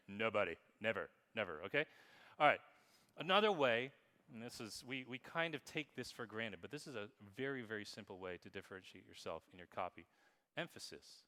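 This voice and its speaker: A man in his thirties giving a lively, emphatic keynote talk at a conference, speaking straight to the audience. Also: mid-range voice, in a large hall. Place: conference hall.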